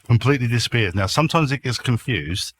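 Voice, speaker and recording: A man's voice: medium pitch, lively intonation, fast talker, a bit bright. A man guest on a casual podcast, chatty and jokey, breathing a little heavily into a noise-cancelled mic. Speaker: guest YouTuber. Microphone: headset mic with noise cancelling.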